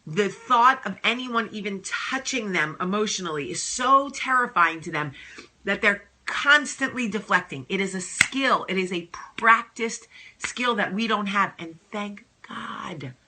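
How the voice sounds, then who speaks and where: A woman hosting a casual advice vlog, talking in an animated, emphatic and sassy way. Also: medium pitch, a little slow. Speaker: host.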